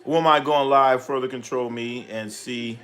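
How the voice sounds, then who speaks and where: A man running a casual live stream while a basketball game plays out. He talks bluntly, swears freely and trash-talks with no filter. Between the calls of the action he stops to answer his viewers' comments. His voice sits at an ordinary pitch for a man. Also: steady tone, normal speed, a bit bright. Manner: blunt, profane trash talk. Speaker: sports streamer.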